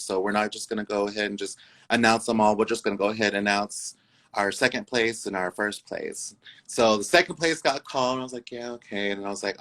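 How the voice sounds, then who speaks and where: A Two-Spirit speaker with a bright, forceful tone and a voice in the usual middle range. The story comes out as lively chat, with quoted voices acted out and leaps up high for each punchline. It sounds like a casual interview among friends. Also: poor audio. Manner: animated, acts out quoted voices; uses many fillers and "I was like". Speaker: guest, incoming co-host.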